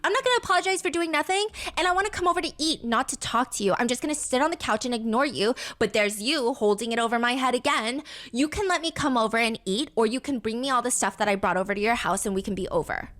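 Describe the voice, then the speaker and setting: Woman voicing a patient young man, soft and passive, higher than usual pitch. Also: quick pace, hardly any pauses, lightly acted. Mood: pleading. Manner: soft, passive, even cadence.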